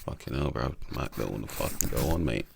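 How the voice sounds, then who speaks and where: A man's voice: rumbling low, expressive, fairly quick, creaky, slight background noise. A man giving casual commentary as a vlogger, rambling, swearing freely and stumbling over names.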